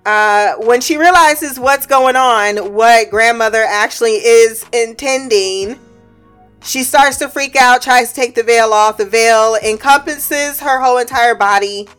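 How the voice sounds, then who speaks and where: A woman's voice: a little high, a little slow, fairly bright tone, clean tone, soft background music. A woman giving a casual, laugh-filled recap of a show, swearing freely and throwing in slangy asides. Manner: acts out characters' lines while retelling.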